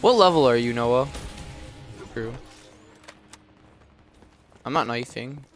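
A man's voice: medium pitch, animated, slow pace, faint music behind. Young guy rambling over a game stream. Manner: chatty, rambling, talks to chat. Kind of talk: live gameplay commentary.

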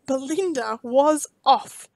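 High-voiced woman reading a storybook. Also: slow pace, gravelly, dry recording. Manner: expressive storytelling, crooning character lines. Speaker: storytime host. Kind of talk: reading a picture book aloud.

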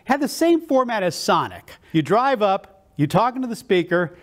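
Keynote speaker from South Texas, male, high, lively voice, big enthusiastic storyteller. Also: normal speed. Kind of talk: motivational storytelling speech.

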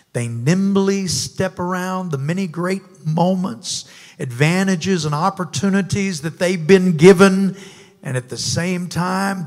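A male pastor preaching with a gravelly, husky voice. He drives his point home with pointed rhetorical questions. The sound carries a long reverb from the church hall. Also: fairly high pitch. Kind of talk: sermon. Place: church sanctuary.

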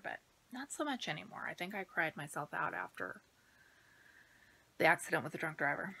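In a pushed, bright voice of medium pitch, a middle-aged woman talks informally from home about what she's been stitching. She rambles, sounds winded, and at times drops almost to a whisper.

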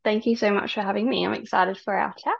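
Softly hesitant woman telling her story. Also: medium pitch, steady tone, fast talker, vocal fry, husky, no echo. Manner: soft, hesitant storytelling with many ums. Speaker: podcast guest. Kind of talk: casual interview chat. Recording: dry, dull lo-fi sound.

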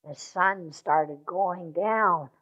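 A woman telling a children's story at church, gently asking the children questions. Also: fairly low pitch, very slow, lo-fi sound.

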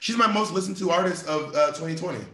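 A man's voice: on the high side, fast, fairly bright tone, reverberant. A man, chatting playfully as an interview guest, often swearing and mimicking posh voices. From United States. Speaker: interview guest, drag performer. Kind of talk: casual chat.

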